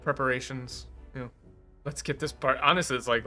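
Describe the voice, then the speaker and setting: Bright-voiced joking male streamer. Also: medium pitch, steady tone, a little fast, soft background music. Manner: joking, riffing impressions. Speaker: streamer and translation reactor. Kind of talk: casual stream chat.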